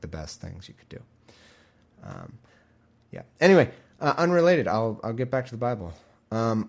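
A man hosting a podcast, reading scripture with jokey asides, rambling and wired on caffeine. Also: fairly low pitch. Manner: rambling, self-interrupting, jokey. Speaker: podcast host.

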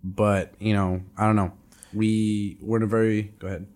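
A man's voice: fairly low pitch, normal speed. A young man co-hosting a casual podcast chat, telling work stories and acting out the people in them. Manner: animated storyteller, acts out quotes. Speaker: podcast co-host.

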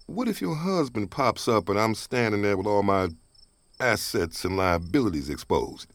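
A man's voice: lowish voice, animated, moderate pace, dry recording. An actor playing a down-on-his-luck divorced father, talkative and wisecracking, often laughing. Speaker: the actor. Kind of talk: radio drama acting.

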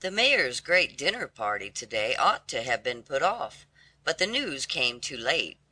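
A reader voicing a lame, gossipy old woman who chatters with pity and indignation in a storybook reading; the voice sits higher than the narration. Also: big pitch swings, unhurried, bright, forceful tone, no echo, full character voice. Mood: gossiping. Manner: sympathetic, scolding chatter.

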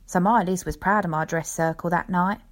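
A woman voicing an old male lion tamer who tells a rambling, folksy tale in an unhurried way, as in a storybook reading. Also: fairly low pitch, steady tone, close to an everyday voice.

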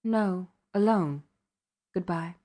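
A woman reading the lines of a distraught, resigned wife who speaks quietly and falteringly. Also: on the low side, slow pace. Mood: resolved.

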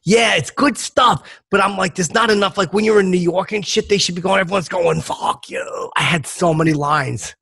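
A man's voice: high voice, moderate pace, gravelly, few pauses, a bit bright, breathy edge, heavily acted. A man voicing a crude, boastful tough guy in a comedy podcast, cocky and swearing as he talks up his own ideas. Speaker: podcast co-host. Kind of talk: comedic character improv.

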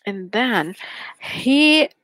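A woman's voice: a little high, lively intonation, extremely slow, fairly bright tone, dry recording, poor audio. Thoughtful woman in a book chat. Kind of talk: casual book discussion.

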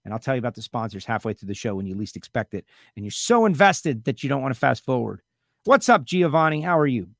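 A man's voice: medium pitch, sing-song, fast, vocal fry, a bit bright, no echo, clean studio sound. A man hosting a radio talk show, chatting casually and teasing his co-host with rambling asides.

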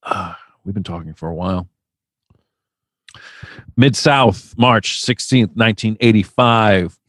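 A man's voice: lowish voice, measured pace, fairly bright tone, no room sound, studio quality. A man co-hosting a podcast, riffing with sarcasm and plenty of swearing. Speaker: podcast co-host. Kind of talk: casual chat.

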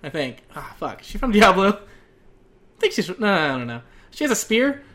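A man's voice: high-pitched, sing-song, normal speed, bright, forceful tone. Chill guy hosting a gaming podcast quiz, laughs a lot, stumbles on his words. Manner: laughing, easygoing, stammers when flustered. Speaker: podcast host. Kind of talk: casual game-quiz podcast chat.

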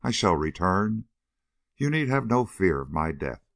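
A man reading an audiobook voices a small, fearless male tyrant who speaks softly and mildly. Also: sits low, very animated, a little slow, full character voice. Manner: soft, mild, unafraid. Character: soft-spoken, fearless little male tyrant.

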